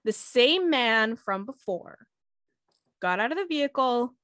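A woman's voice: on the high side, no room sound. Chatty woman telling a true crime story. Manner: animated, conversational, quick asides to listeners. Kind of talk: casual storytelling.

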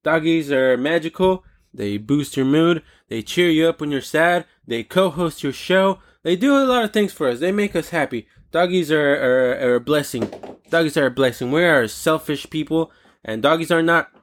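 A man hosting a talk show alone, ranting in a casual, animated and indignant way, swearing freely. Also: on the high side, normal speed. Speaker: podcast host. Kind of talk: casual solo rant.

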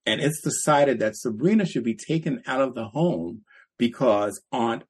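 A man's voice: medium pitch, moderate pace, slightly rough. A man co-hosting a podcast, telling stories in casual chat and acting out quotes with a laugh. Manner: animated storytelling, acts out quotes with laughs. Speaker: podcast co-host.

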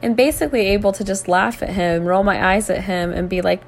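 A woman hosting a podcast, speaking earnestly and reflectively to listeners about faith, with thoughtful pauses. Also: mid-range voice, creaky, slight background noise.

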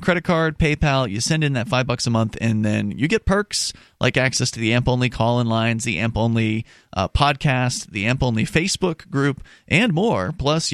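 A man's voice: mid-range voice, no echo, studio quality. A man hosting a call-in talk radio show, reading promos and phone numbers and bringing callers on air.

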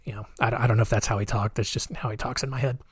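A man's voice: mid-range voice, fairly even intonation, racing, breathy edge, dry recording, studio quality. A man casually telling a history story, with frequent fillers, wry jokes and asides. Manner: conversational, many fillers and asides.

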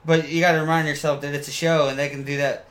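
A man who is tipsy from beer chats casually in a voice on the high side, a bit bright and flat in delivery. He rambles and swears, stopping and restarting often with fillers.

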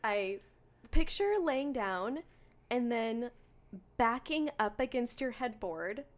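A young woman co-hosting a podcast, chatting casually and telling a story with animated energy. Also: fairly high pitch, slow. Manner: animated storyteller, acts out her own screams. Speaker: podcast co-host. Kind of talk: casual chat.

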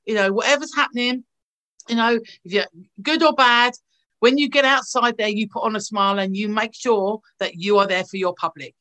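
A woman imitating a brisk older actress giving chummy advice. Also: on the high side, fairly bright tone, lightly acted, poor audio. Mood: breezy.

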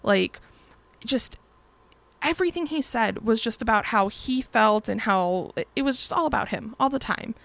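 A woman's voice: on the high side, animated, moderate pace, vocal fry, a bit bright, no echo. A young woman in her twenties casually telling a personal story as host, chatty and profane, acting out quoted lines in livelier voices. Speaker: podcast or vlog host.

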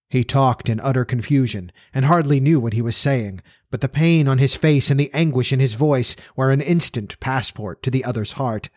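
A man narrating an old-fashioned story in a steady, even storytelling manner. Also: medium pitch, moderate pace, few pauses, no echo, studio quality. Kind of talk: audiobook narration.

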